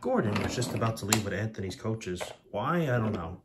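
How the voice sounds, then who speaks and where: A man's voice: on the low side, big pitch swings, a little fast, heavy background noise. A man narrating a homemade train story casually, with rambling, jokey asides.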